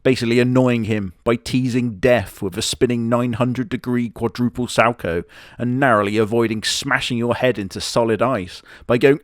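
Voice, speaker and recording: Sardonic man narrating anime recaps with crude humor; medium pitch, dry closely miked read. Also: steady tone, moderate pace, dry recording. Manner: sarcastic, crude, mocking asides. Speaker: anime reviewer. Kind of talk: comedic anime commentary.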